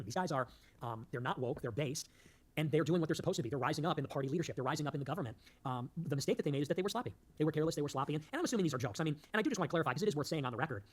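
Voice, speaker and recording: A man delivers a fast political monologue as a show host. His voice sits a bit high, and his rambling, emphatic delivery keeps tumbling forward with jokes mixed in.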